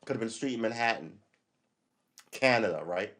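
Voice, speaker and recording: A man's voice: mid-range voice, sing-song, fairly quick, long pauses. Rambling, profane man ranting on a livestream. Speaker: livestream host. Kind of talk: casual political monologue.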